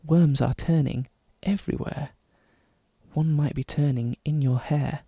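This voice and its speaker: A man putting on a slow, pompous posh announcer voice for comic readings. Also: medium pitch, monotone, no echo, close to an everyday voice. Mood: mock-posh. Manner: slow, measured, overly formal.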